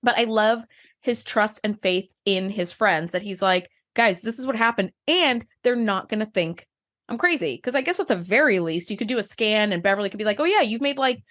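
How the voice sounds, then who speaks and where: A woman co-hosting a podcast in casual chat, retelling scenes warmly and acting out the lines. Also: mid-range voice, animated, fairly quick. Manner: enthusiastic, heartfelt, retells scenes with acted lines. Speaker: podcast co-host.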